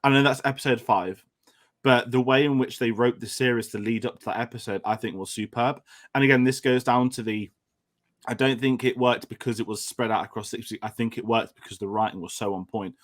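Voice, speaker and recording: English male co-host, chatty and rambling, mid-pitched voice, casual film talk. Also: fairly even intonation, a little fast. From England. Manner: rambling, with frequent restarts and fillers.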